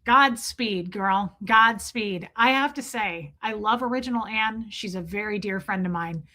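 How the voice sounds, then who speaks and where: Woman w a bright kinda high voice, rambling animated story to her stream chat, lots of "like" and cussing. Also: measured pace, few pauses. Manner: animated, lots of "like" fillers and cursing. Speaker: livestream host. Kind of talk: casual storytelling to a live chat.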